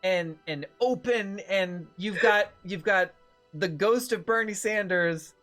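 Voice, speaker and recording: Rambling game master over soft music. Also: mid-range voice, slow. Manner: rambling, laughing, restarts. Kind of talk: narrating a tabletop game.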